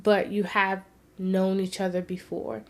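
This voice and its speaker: A woman vlogger sharing a personal story in an earnest, heartfelt way. She moves between hushed and emphatic. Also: medium pitch, level tone, measured pace.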